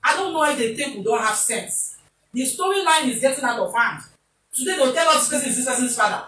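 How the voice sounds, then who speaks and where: Talking fast in a sharp, expressive, high-pitched voice, the Nigerian presenter turns her talk show commentary into comedy, mixing pidgin into playful little skits. It's recorded in an echoey space with a distant microphone and slight background noise.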